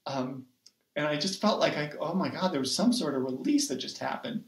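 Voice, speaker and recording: A man's voice: fairly high pitch, animated, a little fast. Guy on a podcast telling a personal story, earnest, lots of ums, pretty echoey room. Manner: reflective and earnest, with frequent "um" and "like". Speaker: podcast guest, poet and writing coach. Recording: roomy echo.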